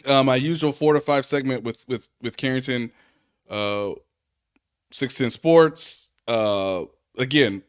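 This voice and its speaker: A man's voice: medium pitch, takes it slowly, smooth, no room sound, studio quality. A man on a sports podcast who tells stories with animation, laughs often and acts out other people's lines. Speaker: sports reporter and podcast panelist. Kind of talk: casual sports podcast chat.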